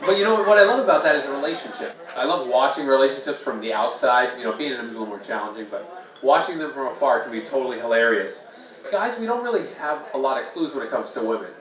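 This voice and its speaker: A man's voice: medium pitch, lively intonation, fast talker, fairly bright tone. A man doing a self-deprecating stand-up set at an open mic night in a small bar, bantering with the crowd. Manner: jokey, self-deprecating, playful crowd asides. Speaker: stand-up comedian. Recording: echoey room mic from a distance. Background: audience laughing.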